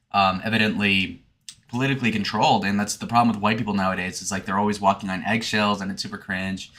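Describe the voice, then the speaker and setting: A man's voice: lowish voice, bright, forceful tone. A man in his twenties from Michigan, streaming a casual, rambling monologue in a provocative, sarcastic manner. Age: 20s.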